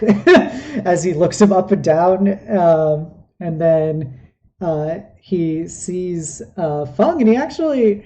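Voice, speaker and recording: Brief: woman game master, unhurried, hesitant narration, mellow and low. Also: lo-fi sound. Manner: relaxed, rambling, hesitant.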